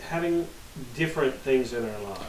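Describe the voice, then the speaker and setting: A man co-hosting a podcast in laid-back casual chat, halting and often repeating his words. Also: medium pitch, animated, far from the mic, crowd noise. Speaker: podcast co-host. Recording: echoey room, off-mic, faint hiss.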